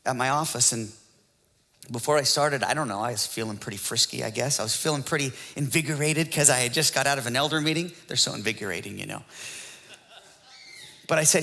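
A man's voice: mid-range voice, fairly quick, vocal fry, bright, forceful tone, big-room sound. A man preaching a sermon as pastor, in a joking, conversational way with frequent laughs.

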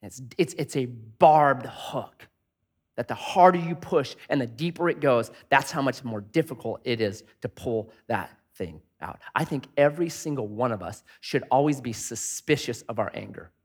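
A man's voice: mid-range voice, animated, moderate pace, slightly rough. A man preaching a sermon in a conversational way, asking many rhetorical questions and acting out angry inner voices. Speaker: pastor.

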